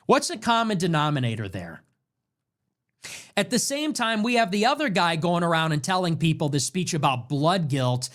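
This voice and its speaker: A man's voice: a little high, fairly bright tone. A man hosting a political commentary show, talking in an emphatic, sarcastic and mocking way with lots of repetition. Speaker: show host.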